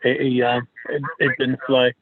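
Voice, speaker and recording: Male delegate dialing in, halting delivery, flat pitch, phone-line sound. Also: no echo. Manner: hesitant, with restarts. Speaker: council delegate. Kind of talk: formal council remarks.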